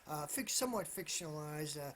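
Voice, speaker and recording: A man's voice: a little high, lively intonation, fairly quick, fairly bright tone, a little hiss or hum. Rambling man repeating himself, hedging. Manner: rambling, with frequent restarts and repeated "absolutely"; careful, hedging tone. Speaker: political commentator. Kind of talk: solo political commentary.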